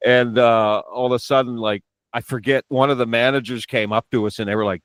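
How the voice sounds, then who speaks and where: A man's voice: mid-range voice, fairly even intonation, brisk, hardly any pauses, a bit bright, smooth, dry recording. A man hosting a podcast, telling long rambling anecdotes in casual chat, with lots of restarts and asides. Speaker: podcast host.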